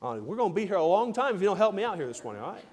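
A man's voice: sits high, sing-song, racing, a little mellow, husky. A man preaching a sermon to a church congregation, emphatic and repetitive, prodding listeners to answer. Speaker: pastor. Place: church service.

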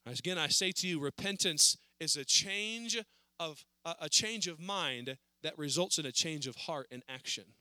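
A man preaching a sermon in a church service, earnest, rising to pleading and then dropping low. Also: normal speed, pushed and bright, no room sound.

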